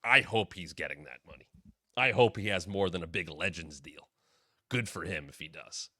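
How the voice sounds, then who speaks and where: A man hosting his own wrestling talk show, giving casual solo commentary and quoting people in quick asides. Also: deep voice, no room sound, clean studio sound. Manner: animated, drops into quoted voices.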